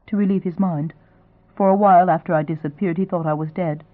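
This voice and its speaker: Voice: mid-range voice, steady tone, a little fast, dry recording, narrow, tinny audio, natural voice. A reader doing a defensive young woman, clipped lines, thin and dry sound. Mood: guarded. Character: young mother, guarded, proud, anxious.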